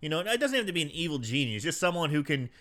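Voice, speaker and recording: Brief: male podcast co-host, bright tone, very animated delivery, wry asides. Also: on the high side, fast. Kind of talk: casual chat.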